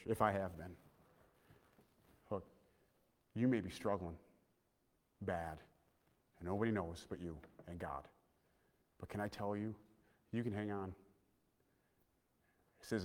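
A man preaching an emotional, heartfelt sermon, often dropping to a soft voice. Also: on the low side, measured pace, pauses often. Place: church sanctuary. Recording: long reverb of a large hall.

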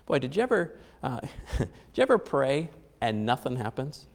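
A man's voice: medium pitch, big pitch swings, normal speed, creaky, in a large hall. A man preaching a conversational sermon, repeating phrases for emphasis and chuckling now and then.

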